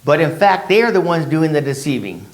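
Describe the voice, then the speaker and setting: A man's voice: on the high side, very animated, a little fast. A man leading a casual Bible study, who asks his class rhetorical questions and acts out the people in the story in his own words.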